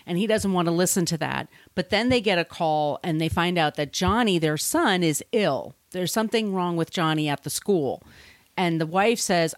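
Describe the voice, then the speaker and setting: A woman's voice: on the low side, moderate pace, dry recording. Woman speaking dry and close. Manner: lots of "like", animated plot retelling. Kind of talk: casual book discussion.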